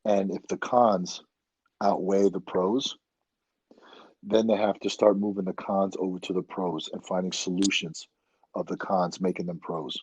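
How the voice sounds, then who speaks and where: A man guest telling stories in a blunt, animated, casual way. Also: deep voice, a little slow, slightly rough, dry recording, highs cut off. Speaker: podcast guest. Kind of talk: casual chat.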